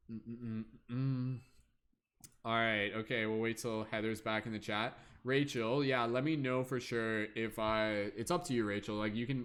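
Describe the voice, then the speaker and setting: A man's voice: on the low side, a bit bright. A man hosting a livestream, chatting casually and playfully to his viewers, humming and scatting filler sounds while he waits. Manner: chatty, playful, hums and scats while waiting. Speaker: livestream host.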